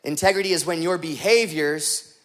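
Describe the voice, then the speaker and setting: A man's voice: on the high side, moderate pace. A man preaching as a pastor, telling jokey stories and slipping into put-on voices before making his point. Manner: joking, animated storytelling with put-on voices. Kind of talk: comedic sermon.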